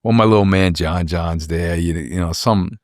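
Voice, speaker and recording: A man's voice: deep voice, normal speed, a little mellow, no room sound, clean studio sound. A man in his forties, a rapper guest telling rambling personal stories in a casual interview, repeating words and acting out what people said.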